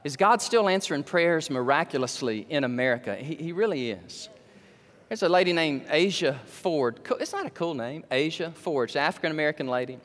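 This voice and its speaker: A man with a high voice preaches a storytelling sermon, building from calm narration into excited, emphatic peaks. His voice rings out in the long reverb of a large hall. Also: fairly quick.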